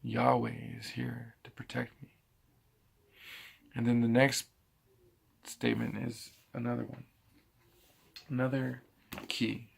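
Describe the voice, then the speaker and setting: A man's voice: mid-range voice, monotone, slow pace, creaky, pauses often, breathy edge. A man giving a casual bible teaching, thinking aloud and often restarting his sentences. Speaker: preacher.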